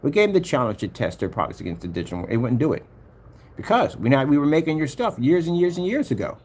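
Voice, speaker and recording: This projector screen paint maker's voice is on the high side, husky and darkish, with a quick, sing-song delivery. In his rambling screen-recording vlog he brags over his demos, hums filler noises, and challenges rivals.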